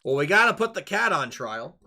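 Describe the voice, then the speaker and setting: A man's voice: fairly high pitch, big pitch swings, fairly quick, creaky, sharp tone, a little hiss or hum. A man giving casual, rambling let's-play commentary, giggling and swearing as he reacts. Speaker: game streamer.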